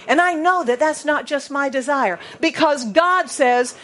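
A woman's voice: high voice, unhurried, few pauses, fairly bright tone. Playful American woman preaching a sermon. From United States. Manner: playful, spells words out letter by letter.

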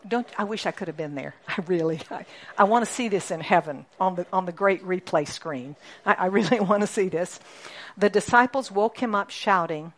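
Woman, preacher, sermon, animated, questions to the congregation, emphatic repetition. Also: medium pitch, normal speed. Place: church congregation.

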